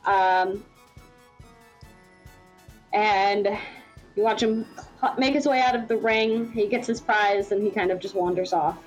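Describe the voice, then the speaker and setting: A woman's voice: medium pitch, fairly even intonation, unhurried, pauses often, lo-fi sound, soft background music. A woman running a tabletop game as game master, narrating in a rambling way with many fillers.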